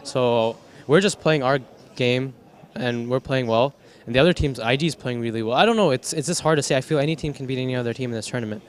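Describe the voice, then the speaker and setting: A man's voice: mid-range voice, quick pace. A young man, a professional gamer, answering post-match questions in a loose, rambling way with restarts and casual swearing. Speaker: professional esports player.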